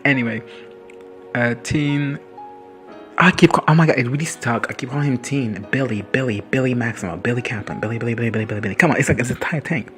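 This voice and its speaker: Guy ranting thru an episode recap, swears a ton, laughs a lot, soft music under it. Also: mid-range voice, quick pace. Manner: rambling, profane, and sassy, with frequent laughs. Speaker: reaction video host. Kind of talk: casual episode recap and reaction.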